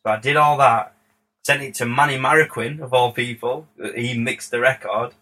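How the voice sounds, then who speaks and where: A man, a music producer, tells a story in lively, casual chat, swearing freely and acting out what people said. His voice is bright and forward with a husky grain. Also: medium pitch, normal speed, rough recording. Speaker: music producer, podcast guest. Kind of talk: casual anecdote.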